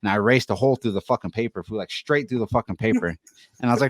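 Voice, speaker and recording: Fast-talking, profane young man from Denver. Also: medium pitch, no echo. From Denver, USA. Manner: rambling, profane, laughs through stories. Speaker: podcast co-host. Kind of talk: casual storytelling chat.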